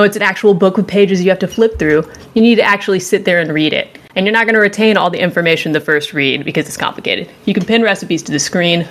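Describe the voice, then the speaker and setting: A woman hosting a casual show, chatting animatedly and jokingly as she reviews a game. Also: lowish voice. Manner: animated, joking, rambling and enthusiastic. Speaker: podcast host reviewing a game. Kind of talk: casual chat.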